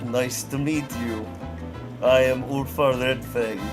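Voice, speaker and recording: A man playing a warrior character in a tabletop game, giving gruff, terse replies. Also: mid-range voice, fairly even intonation, takes it slowly, music in the background. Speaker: player.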